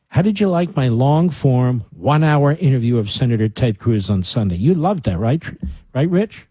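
Emphatic male radio host, dark husky voice. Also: mid-range voice, normal speed, no room sound. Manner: emphatic, animated, mocking asides. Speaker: radio talk show host. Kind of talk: radio monologue. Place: radio studio.

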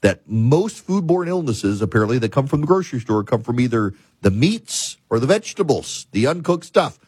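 A man with a husky voice delivers a talk show monologue. He tells a story and explains in an emphatic, deliberate way. His pitch sits in the middle, and the recording is close and dry. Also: very animated, darkish tone, no room sound.

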